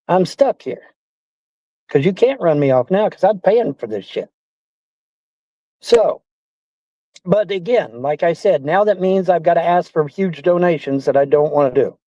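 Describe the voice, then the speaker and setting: A streamer rants on a livestream, indignant and profane, repeating himself as he complains. His voice is a little high with a dark tone, and the stream audio is dull and lo-fi with no room sound.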